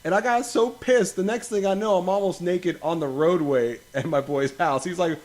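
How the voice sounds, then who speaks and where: Young man, podcast host, casual chat, profane, rambling, fairly high voice. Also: normal speed, hardly any pauses. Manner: profane, rambling, animated storytelling.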